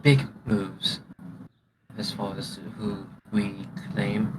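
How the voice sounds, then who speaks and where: A man's voice: fairly low pitch, very slow, background noise. A man playing a wary fantasy adventurer. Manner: hesitant, careful speech with restarts. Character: cautious, thoughtful fantasy adventurer.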